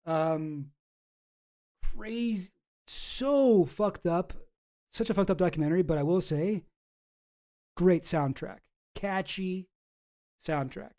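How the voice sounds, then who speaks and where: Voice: mid-range voice, slow, long pauses, dark tone. A streamer giving casual commentary on news files, rambling, sarcastic and swearing freely, with many restarts.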